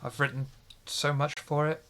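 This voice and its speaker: A man's voice: a little high, flat delivery, moderate pace, sharp tone. A man hosting a casual podcast, playful and chatty. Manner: playful, wrapping up the show. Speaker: podcast host.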